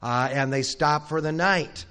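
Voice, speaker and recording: A man delivering a teaching sermon, retelling a Bible story to a live audience. His voice sits slightly high for a man, and he talks in a conversational way. He asks the room questions and briefly acts out the people in the story. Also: measured pace, bright, forceful tone, clean tone. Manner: conversational storyteller who acts out the characters' lines; asks the audience questions and adds wry asides. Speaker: Bible conference speaker.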